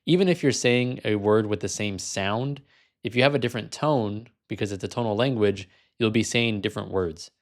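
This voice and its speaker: Male vlog host, slightly low voice, frank casual delivery. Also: normal speed. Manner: casual, frank, sometimes amused. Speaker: language learner and video host.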